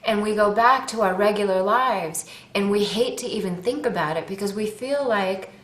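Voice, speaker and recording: A woman's voice: medium pitch, moderate pace, hardly any pauses, fairly bright tone. A woman actress and advocate making a personal appeal to viewers from home, earnest and rambling, with a self-deprecating humor. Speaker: actress and animal-rights advocate. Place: at home with her dog nearby. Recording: roomy echo.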